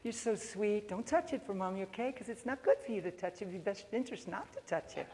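A man's voice: very high-pitched, measured pace, noisy background, pitched above the performer's own voice. Sugary young mom pleading with her toddler, a male preacher doing the voice, echoing in a big hall. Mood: coaxing. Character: doting young mother coaxing her toddler. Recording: long reverb of a large hall.

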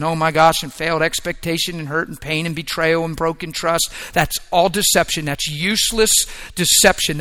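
Bright-voiced, fervent preacher man. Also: a little high. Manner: swings from hushed prayer-like murmur to shouted, rising exhortation; emphatic, repetitive preaching cadence. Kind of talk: sermon.

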